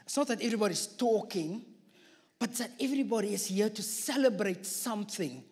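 A man's voice: sits high, animated, brisk, a little mellow. A man preaching a sermon with an accent that stands out to his listeners, mixing scripture with jokey, self-deprecating asides. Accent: non-local accent. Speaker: guest preacher. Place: church hall. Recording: echoey church hall.

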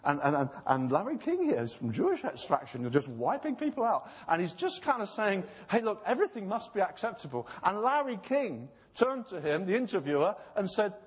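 Preacher in an echoing hall. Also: male voice, high voice, very animated, slightly rough. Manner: earnest, acts out quoted voices, slows to stress points. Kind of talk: sermon. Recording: long hall reverb.

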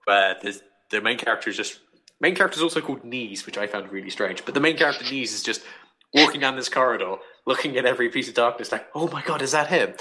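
A young man casually talking through a book on a podcast, rambling and animated, acting out quoted thoughts. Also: mid-range voice, fast talker, background noise. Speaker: podcast host reviewing a book.

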